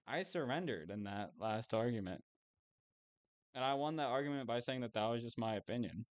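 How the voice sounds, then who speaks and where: A man's voice: mid-range voice, expressive, fairly quick. A young man chatting casually while streaming a game, rambling and self-amused, swearing now and then.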